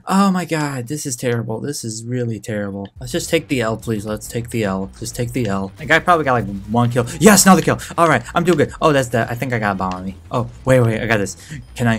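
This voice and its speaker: A man giving live, excitable gameplay commentary, yelping, laughing and repeating words in quick bursts. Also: medium pitch. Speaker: gaming channel host.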